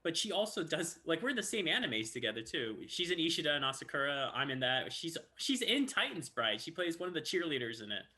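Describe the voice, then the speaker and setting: A man's voice: on the high side, brisk, few pauses. A man, a voice actor, chatting casually and acting out stories. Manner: animated storyteller who acts out quotes. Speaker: voice actor guest. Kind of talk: casual chat.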